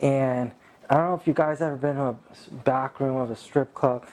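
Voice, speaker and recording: A man's voice: mid-range voice, fairly even intonation, moderate pace, darkish tone. Boastful, profane male storyteller. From California. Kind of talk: casual anecdote.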